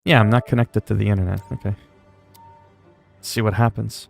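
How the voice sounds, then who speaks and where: A laid-back male gamer talks through his livestream in a low voice, rambling from one thought to the next and swearing freely. Faint music plays underneath. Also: steady tone, fairly quick, creaky. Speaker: streamer. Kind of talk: casual gaming livestream chat.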